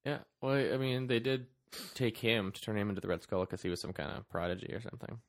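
Low-voiced man adding dry asides. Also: quick pace. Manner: dry, brief agreeing asides. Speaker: podcast co-host. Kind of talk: casual movie review chat.

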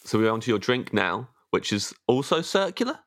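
A man's voice: medium pitch, sing-song, moderate pace, a bit bright, a little hiss or hum. A man co-hosting a podcast, asking questions in a casual chat and laughing easily. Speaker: podcast co-host.

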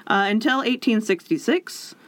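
Animated woman telling history casually. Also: on the high side, moderate pace. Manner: storytelling, animated, laughs often. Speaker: podcast host.

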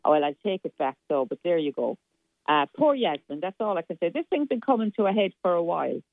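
A blunt, outspoken woman gives her opinions on a radio show in a gravelly voice. She comes through a tinny, dry phone line. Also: fairly low pitch, sing-song, fast talker, dry recording. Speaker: radio contributor. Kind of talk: casual radio chat.

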